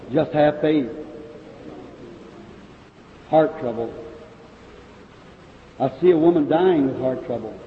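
A man's voice: a little high, a little hiss or hum. A man preaching at a faith healing service, calling out people in the audience one by one, in an old hall recording. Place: large hall. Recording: old echoey hall recording, phone-like sound.

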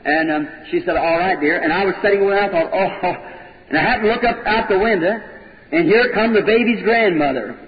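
A man's voice: high-pitched, a little fast. A man preaching, telling a story in folksy sermon style and acting out people's words. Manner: folksy storytelling, quotes people in changed voices. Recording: dull old recording, echoey hall, crowd.

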